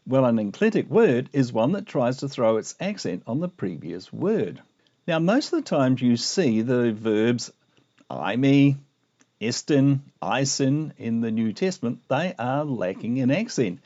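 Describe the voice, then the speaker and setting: A man teaching a video lesson on Greek grammar, explaining with lively asides. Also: mid-range voice, a little slow. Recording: muffled lo-fi recording.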